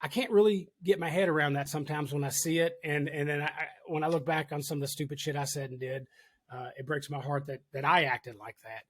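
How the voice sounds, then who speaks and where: A man's voice: on the high side, fairly even intonation, fast. A man hosting a casual podcast, telling a firehouse story in a candid, storytelling way, swearing freely. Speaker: podcast host, firefighter. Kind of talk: casual conversation.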